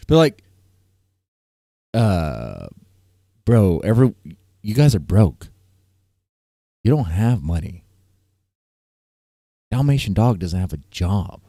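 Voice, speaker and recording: A man's voice: lowish voice, big pitch swings, unhurried, pauses often, dark tone, no room sound, clean studio sound. A man hosting a casual live-stream panel, ranting and repeating himself, breaking into laughter often. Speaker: stream host.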